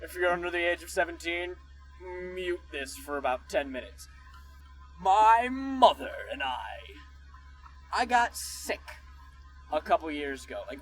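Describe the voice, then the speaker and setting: A man co-hosting a podcast during a road trip, telling a funny family story in a lively, animated way. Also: sits high, rough recording. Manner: lively storyteller who acts out quotes. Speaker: podcast co-host. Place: inside a car on a road trip.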